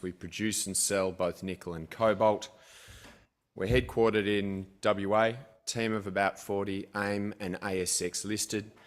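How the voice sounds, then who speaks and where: A man's voice: fairly low pitch, fairly bright tone. A man giving an investor presentation in a conversational way, with frequent "you know". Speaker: company presenter.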